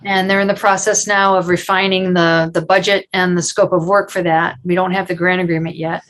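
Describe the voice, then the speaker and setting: A woman's voice: fairly low pitch, little pitch movement, fairly quick, a bit bright, rough recording. A woman reporting to a town board in a public meeting, speaking hesitantly with many restarts over a video call.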